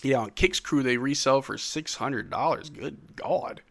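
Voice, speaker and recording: A man's voice: mid-range voice, moderate pace, gravelly, fairly bright tone. A man hosting a live stream watch-along, calling plays casually and chatting with viewers in a drowsy, slangy way. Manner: laid-back, slangy, reads chat questions aloud. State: drowsy, yawning. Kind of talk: casual play-by-play and chat reading.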